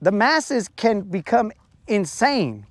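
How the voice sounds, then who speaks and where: A man's voice: high-pitched, very animated, slow pace, no room sound. A man chatting casually on a live stream while fishing outdoors on a lake, ranting in a playful, mock-serious way and stretching out his words.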